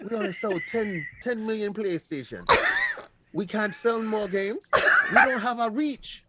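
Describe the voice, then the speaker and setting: A man's voice: high voice, animated, unhurried, very noisy, voice pushed up. A man doing a mocking impression of a boastful male business executive, in a put-on accent. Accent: put-on imitation accent. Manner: boastful, self-satisfied, mocking.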